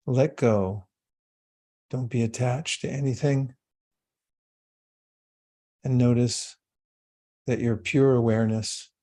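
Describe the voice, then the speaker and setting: Slow, mellow-voiced man leading meditation. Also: medium pitch. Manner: slow, calm and soothing, with long pauses. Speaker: spiritual teacher. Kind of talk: guided meditation talk.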